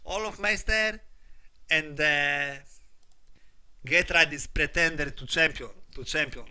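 This casual streamer is a young Polish-accented man speaking broken English, who keeps adding "my friend" to what he says while he alternates between muttering and shouting. He's slightly high-pitched and slow, with a clear, resonant tone on a dry recording.

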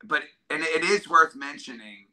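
A middle-aged man from New York State, talking in an interview about hard times in an earnest, halting way that keeps getting emotional. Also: fairly high pitch, pushed and bright, low-quality recording. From New York State, USA. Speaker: drummer and guest.

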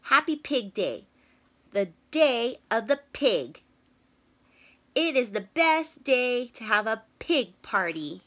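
A bubbly little storybook pig with squealing oinks, as a woman reading aloud puts her on. She sounds eager and excited, her high voice leaping up and down. Every line is slow and bright. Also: full character voice. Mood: cheerful. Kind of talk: children's storybook read-aloud.

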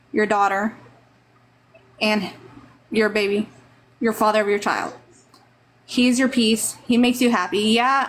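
Her accent is Texan, her voice a little high, and her advice motherly, earnest, and rambling. She's a woman from Texas streaming live over a phone mic.

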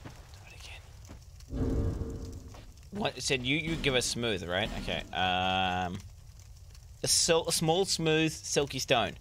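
A man streaming a video game with casual commentary, excitable and sarcastic, swearing a lot. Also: mid-range voice, a little slow, slight background noise.

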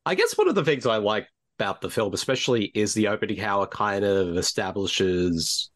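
A man co-hosting a casual podcast from a video call. His voice rises and falls in a lively, animated way as he chats. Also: lowish voice, fairly quick. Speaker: podcast co-host. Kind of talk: casual chat.

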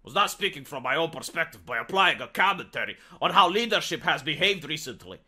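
A woman putting on a low, flat voice to mock a formal corporate HR worker reading an apology. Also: a little fast, husky, heavily acted. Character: stiff corporate HR worker, any sex, apologizing in buzzwords.

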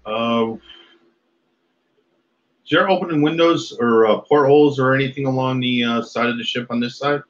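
A man's voice: mid-range voice, normal speed, long pauses. A man playing a tabletop game, asking the game master questions with a bit of hesitation. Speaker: player. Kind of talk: casual tabletop game talk. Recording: dull lo-fi voice chat audio.

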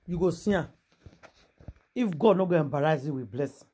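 A man with a Nigerian Pidgin English accent and a somewhat high, husky voice. He gives casual vlog commentary and preaches to his viewers. He asks them rhetorical questions and talks straight at them. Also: lively intonation, moderate pace, dark tone. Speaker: gossip vlogger.

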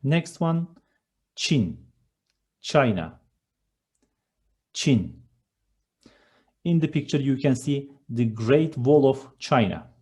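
A male teacher walks through picture slides word by word, repeating each term patiently. His voice is dark and mellow, and he speaks at a very unhurried pace. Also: mid-range voice, lively intonation, husky. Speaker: language teacher. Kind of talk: slow vocabulary lesson with picture slides.

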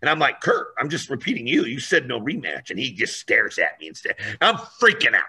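A man telling a story in a lively, animated way, acting out voices and raising his voice for effect. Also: medium pitch, fairly quick, breathy edge.

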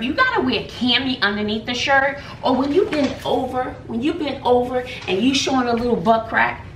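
A woman's voice: high voice, sharp tone, reverberant, a little hiss or hum. A woman teacher chatting casually in a vlog, emotional and gushing, laughing often. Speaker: teacher and vlogger.

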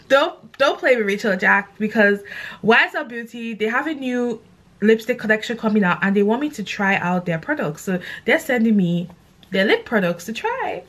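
Excitable young woman with a London accent. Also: moderate pace. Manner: excitable, gushing, animated swings in pitch. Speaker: content creator. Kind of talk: casual vlog chat.

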